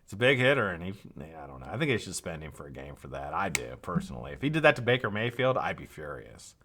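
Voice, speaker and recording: A man's voice: deep voice, very animated, quick pace, a bit bright, a little hiss or hum. A tired, yawning man hosting a live stream, rambling casually with frequent swearing and laughter.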